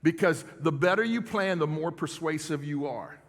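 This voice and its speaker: A middle-aged man preaches in a church, his voice sitting a little high for a man. He talks plainly and conversationally, checking in with the crowd as he goes. A long reverb from the big hall trails behind his words. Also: expressive, moderate pace, fairly bright tone. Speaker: pastor. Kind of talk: sermon. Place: church sanctuary.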